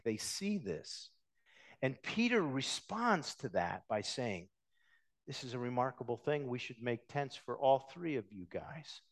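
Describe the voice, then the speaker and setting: A man preaching a sermon, swinging between loud emphatic passages and quiet, hushed ones. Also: medium pitch. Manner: dynamic preaching, rising loud then dropping to hushed. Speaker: pastor.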